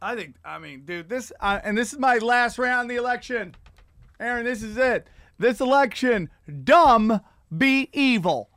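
A middle-aged man hosting a comedy podcast, ranting in a profane, rambling way with loud outbursts. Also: extremely high pitch, lively intonation, measured pace, dry recording. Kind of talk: casual comedic rant.

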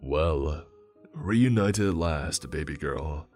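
A man's voice: very deep voice, slow pace, a little mellow, faint music behind. A man doing a charming, gloating male killer. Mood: mock-tender. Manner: smooth, mocking, self-justifying.

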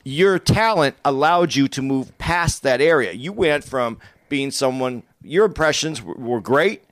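A man talking on a podcast in a measured, careful way, stopping to rephrase his point. His voice is mid-pitched. The recording is dry and close. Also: animated, fairly bright tone, dry recording. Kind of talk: casual podcast chat.

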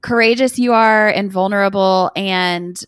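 A woman's voice: medium pitch, measured pace, clear, resonant tone, no echo, studio quality. A woman in her thirties co-hosting a podcast, talking in an effusive, admiring way. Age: 30s. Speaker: podcast co-host. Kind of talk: casual chat.

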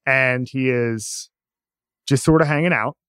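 A man's voice: mid-range voice, unhurried, a bit bright, clear, resonant tone, no room sound. A man co-hosting a sports podcast, bantering in a wry, teasing way at a studio microphone. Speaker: podcast co-host. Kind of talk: casual sports talk.

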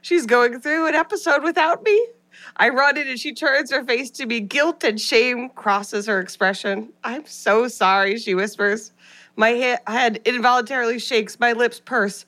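An American woman co-hosting a casual podcast, animated and playful, often repeating words as she talks and reads a listener's review aloud. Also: on the high side, moderate pace. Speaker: podcast co-host.

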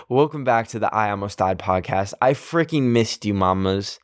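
A man's voice: on the low side, expressive, normal speed, few pauses, faint music behind. A man hosting a podcast in casual chat, giddy and self-mocking, rambling off track and laughing at himself. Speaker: podcast host.

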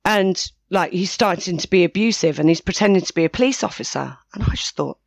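A woman's voice: lowish voice, lively intonation, fairly quick, vocal fry, dry recording. A woman, telling a personal story in a rambling way, with frequent restarts and self-corrections. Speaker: interviewee. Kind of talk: personal account, casual.

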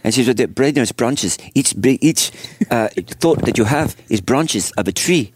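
A man's voice: medium pitch, animated, moderate pace, noisy background. A man co-hosting a podcast, playful and jumping between topics. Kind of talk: casual podcast chat.

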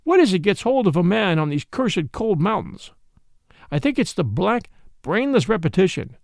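A man's voice: sits high, very animated, moderate pace, gravelly, dry recording, studio quality, exaggerated voice. A man voicing a huge former thief turned detective, brooding and fearful, breaking into angry outbursts. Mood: agitated. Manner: brooding, bursts into fury. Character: big, tormented former-thief detective, grim.

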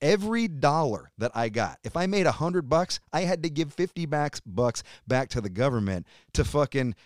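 Profane ranting man, fairly high voice. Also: very animated, moderate pace, no echo. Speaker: podcast guest, metal musician. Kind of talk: casual interview chat.

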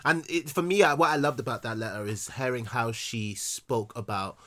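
A man's voice: medium pitch, moderate pace, crowd noise. A man co-hosting a podcast, chatting casually in a playful, teasing way and laughing as he talks. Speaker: podcast co-host. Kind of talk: casual chat.

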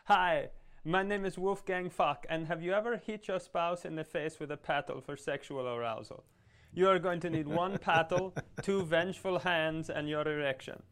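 A man's voice: normal speed, fairly bright tone. A man putting on the voice of an over-the-top male TV celebrity chef with an exaggerated German-style accent. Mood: hammy. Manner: high, bouncy, over-the-top presenter voice. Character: hammy male TV celebrity chef pitching bedroom recipes.

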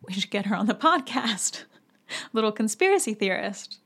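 A young woman hosts a podcast in a relaxed, chatty way. Her speech is full of casual fillers. Her voice is a bit sore and hoarse. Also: mid-range voice, unhurried. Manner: chatty, filler-heavy, with many "like"s. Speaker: podcast host. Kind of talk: casual chat.

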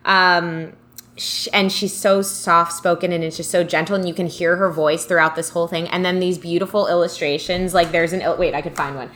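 Bright-voiced chatty woman podcast co-host. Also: on the low side, fairly even intonation, fairly quick. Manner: chatty, enthusiastic, many "like"s. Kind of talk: casual chat about books.

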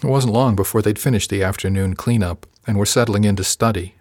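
A male audiobook narrator reads a first-person book in a measured, even storytelling style. His fairly low voice comes through a dry, studio-quality recording.

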